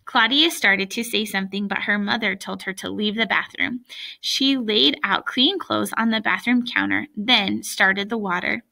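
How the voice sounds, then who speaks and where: Woman reading a kids' book aloud, chatty asides, bright crisp tone. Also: medium pitch, moderate pace. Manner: lively, chatty asides to young listeners. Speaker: reader.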